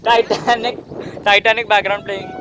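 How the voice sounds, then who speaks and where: A young man with an Indian English accent, vlogging outdoors while riding a bicycle through flooded streets, excitable and swearing a lot. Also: high voice, moderate pace. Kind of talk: casual vlog commentary.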